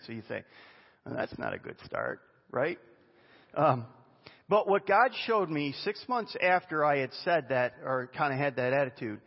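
A man preaching a sermon as a pastor, animated and conversational, with chatty asides. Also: medium pitch, vocal fry, slightly rough. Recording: dull lo-fi sound with long reverb in a hall.

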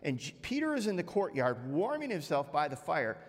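A man's voice: fairly high pitch, wildly swooping pitch, fairly quick. A male pastor preaching a sermon, retelling scripture conversationally with frequent restarts. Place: church sanctuary. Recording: long church hall reverb.

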